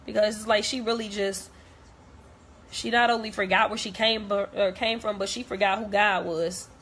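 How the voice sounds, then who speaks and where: Bright-voiced young woman, heated blunt rant. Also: mid-range voice, steady tone, normal speed, slight background noise. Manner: blunt, repetitive, heated, profane. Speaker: vlogger. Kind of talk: direct-to-camera rant.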